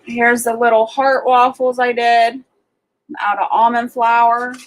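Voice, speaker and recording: A woman's voice: a little high, flat delivery, slow, slight background noise, rough recording. A woman hosting a live cooking stream from her kitchen, chatting casually with viewers, telling stories with plenty of fillers and frequent laughter. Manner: chatty storyteller, laughs often, filler-heavy. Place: home kitchen.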